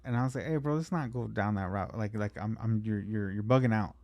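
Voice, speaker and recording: A man's voice: lowish voice, brisk, no room sound, dull audio. A man from California telling a long story in casual podcast chat, swearing freely and acting out both sides of the conversation.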